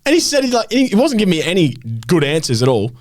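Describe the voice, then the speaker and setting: A man's voice: high voice, wildly swooping pitch, fast, no echo. A young man rattles through a story at speed, cursing freely as he rants. The sound is close and dry, with no room around him. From Australia. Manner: ranting, swears a lot. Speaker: podcast co-host. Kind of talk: casual chat.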